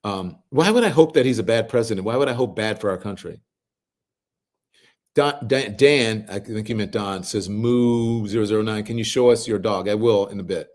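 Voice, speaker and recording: A middle-aged man hosting a livestream, reading viewers' comments aloud and answering them in a relaxed, conversational way. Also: fairly low pitch, moderate pace. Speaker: host reading live chat comments. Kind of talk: casual livestream chat.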